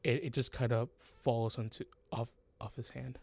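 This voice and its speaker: A man running a tabletop game as game master, narrating in a halting, hesitant way. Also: medium pitch, steady tone, gravelly, darkish tone, slightly rough, no room sound.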